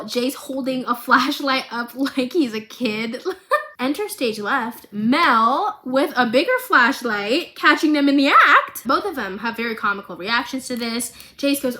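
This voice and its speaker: A young woman vlogger recapping a TV series in a dramatic, chatty way, full of asides. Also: a little high. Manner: animated, dramatic, laughing asides.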